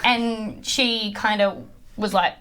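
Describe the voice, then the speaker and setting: A woman's voice: medium pitch, fairly even intonation, takes it slowly, fairly bright tone, clear, resonant tone. A woman player in a tabletop game, chatting casually and rambling through a story with frequent giggles, with faint background noise. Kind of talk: casual chat.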